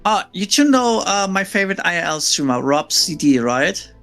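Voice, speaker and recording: A woman's voice: on the low side, very animated, moderate pace, a bit bright, soft background music. A woman streamer hosting a casual gaming chat, laid-back and tired, who swears casually. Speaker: streamer host.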